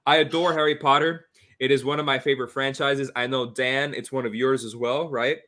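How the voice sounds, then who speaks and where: A man with a bright, forceful voice hosts a casual movie podcast. He is upbeat and laughs easily as he moves the talk along. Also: mid-range voice, steady tone, fairly quick. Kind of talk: casual chat.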